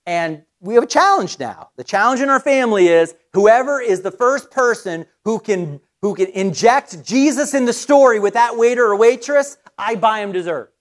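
Lively middle-aged male preacher storytelling. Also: sits high. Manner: lively, conversational, animated storytelling with quick restarts. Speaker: pastor. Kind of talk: sermon with personal storytelling.

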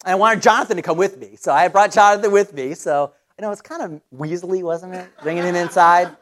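A middle-aged man preaching a sermon in a lively, conversational way, telling a personal story with quick restarts. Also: sits high, a little hiss or hum. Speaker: pastor.

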